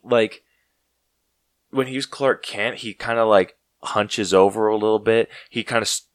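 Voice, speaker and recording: A man hosting a casual podcast chat, excitable and full of "like" fillers. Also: on the low side, moderate pace, no echo. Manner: excitable, heavy use of "like" fillers. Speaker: podcast host.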